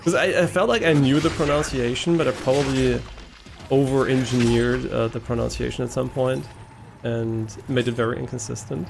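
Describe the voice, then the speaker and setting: A man's voice: medium pitch, fairly even intonation, normal speed, creaky, background noise. A man with a German accent, a native German speaker, chatting casually and hesitantly with viewers while streaming a game, with frequent ums and restarts. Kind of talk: casual live-stream chat while gaming.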